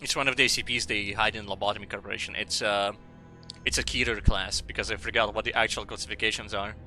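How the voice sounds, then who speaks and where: A young male streamer rambles and jokes at himself, swearing freely as he talks. His voice is bright and cutting, with a gravelly rasp underneath. Faint music plays behind him. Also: on the low side, fairly even intonation, quick pace. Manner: rambling, profane, self-mocking. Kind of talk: casual live-stream chat.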